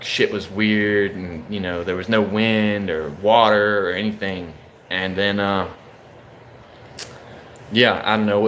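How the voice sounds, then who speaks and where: Young man, low voice, casual swearing storyteller, faint hiss behind. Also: fairly bright tone. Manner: loose, profane, says bro a lot.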